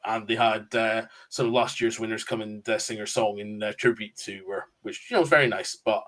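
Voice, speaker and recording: A man's voice: on the low side, fairly even intonation, fairly quick, a bit bright. A man, a Eurovision buff explaining details in casual chat with frequent "um"s. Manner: chatty, explains facts with fillers. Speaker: Eurovision expert guest.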